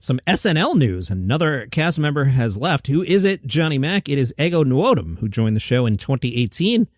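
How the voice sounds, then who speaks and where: A middle-aged man hosting a comedy news podcast from his basement, reading headlines and adding wry, animated asides. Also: mid-range voice, dry recording, studio quality. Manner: wry, animated, quick side comments. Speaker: podcast host. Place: home basement studio.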